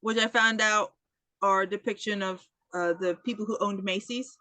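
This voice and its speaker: A woman's voice: mid-range voice, moderate pace, no room sound. A woman co-hosting a podcast, retelling a film in casual chat, acting out the characters' lines and swearing freely. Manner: animated storytelling, acting out quotes, swears freely. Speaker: podcast co-host. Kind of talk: casual movie recap chat.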